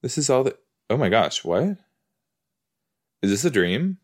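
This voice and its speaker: At an unhurried pace, a man with a medium-pitched voice and big pitch swings reacts to a TV episode. He chats casually from a couch indoors, rambling, losing the thread and often exclaiming.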